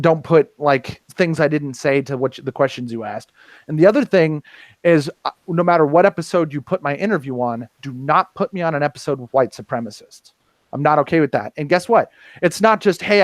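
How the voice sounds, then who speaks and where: A man's voice: a little high, no room sound, rough recording. A man on a casual roundtable podcast, talking in a heated, profane, rambling way with many restarts. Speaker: podcast host.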